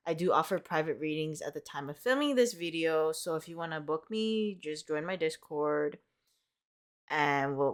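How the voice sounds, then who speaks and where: A woman's voice: low voice, big pitch swings, normal speed. A young woman reading tarot in a casual, rambling vlog, upbeat and full of "like" fillers. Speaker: tarot reader.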